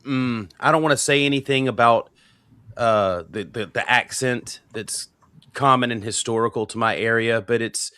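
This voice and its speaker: A man's voice: medium pitch, normal speed, pushed and bright, clean tone, dry recording, studio quality. A man from the Carolinas chatting casually, hesitant with many stammered restarts. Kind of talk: casual chat.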